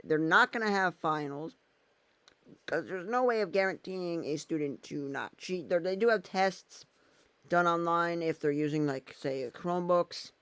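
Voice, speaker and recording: A man's voice: on the high side, unhurried, fairly bright tone, clean tone, dry recording. A man vlogging in a casual, rambling way, thinking aloud as he goes. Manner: thinks aloud while using his phone and laptop, meandering.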